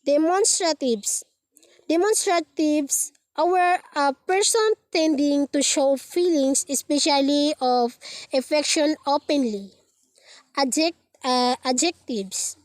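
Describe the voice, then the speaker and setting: A woman's voice: high-pitched, no echo. A woman with a Filipino accent teaching a recorded lesson, reading out word lists carefully, one word at a time. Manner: slow, careful, reads words one by one.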